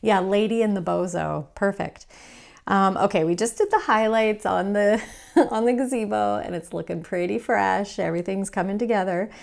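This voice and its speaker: Woman, mid pitch, gravelly fry, relaxed chatty painting teacher with self-deprecating humor. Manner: chatty, playful, quick to laugh, self-deprecating. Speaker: painting instructor. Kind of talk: casual painting tutorial.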